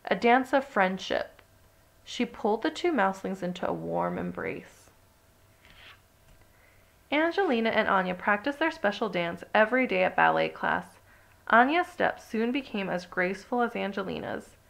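Gravelly woman reading a picture book. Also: mid-range voice, normal speed. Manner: steady, expressive storytelling. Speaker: storybook reader.

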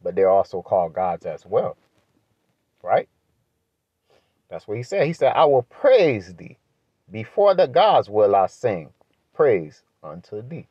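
A man teaching from the Bible in a preaching style, asking rhetorical questions and building to emphatic high-pitched points. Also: big pitch swings, unhurried, long pauses, no room sound, dull audio. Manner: emphatic, rises sharply in pitch when pressing a point; asks rhetorical questions, adds "right?".

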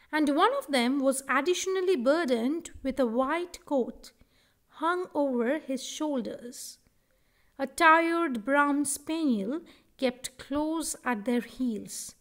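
A woman teacher reads a short story aloud and explains it to her class. Her voice sits high, and she talks slowly and deliberately, as if giving the students time to follow each line. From India. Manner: measured, deliberate reading with explanations. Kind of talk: slow explanatory lesson, reading aloud.

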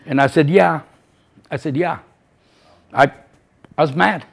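A man in his seventies giving personal testimony as a grieving father, speaking in halting, emotional bursts and repeating phrases. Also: on the high side, creaky. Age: 70s.

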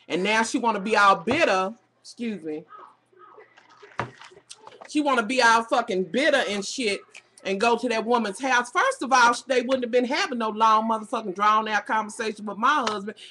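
A woman's voice: on the high side, a little fast, pushed and bright. A middle-aged woman with a Southern US accent, ranting bluntly and profanely about reality TV on a webcam. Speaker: vlogger. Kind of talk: casual reality TV rant.

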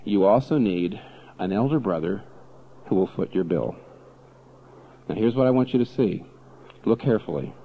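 A male pastor preaching with a lively, swooping delivery, his pitch rising and falling as he throws out rhetorical questions. The recording is dull and lo-fi, with the top end muffled. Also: normal speed, pauses often, a little hiss or hum. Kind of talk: sermon.

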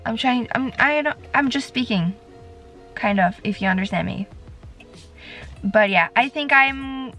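A woman's voice: fairly high pitch, expressive, measured pace, long pauses, a bit bright, soft background music. Chatty teenage girl vlogging. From Norway. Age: teens. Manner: rambling, chatty, lots of "like" and restarts. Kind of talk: casual vlog chat. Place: in a car.

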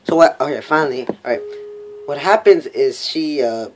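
A young man casually recapping a cartoon episode on a voice call, rambling and halting. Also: mid-range voice, animated, a little hiss or hum. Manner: rambling, halting, full of fillers. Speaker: vlog host.

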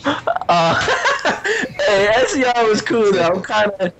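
A man in casual, profane chat, telling an animated, salty story about losing a tournament. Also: high-pitched, takes it slowly, over a noisy crowd, poor audio.

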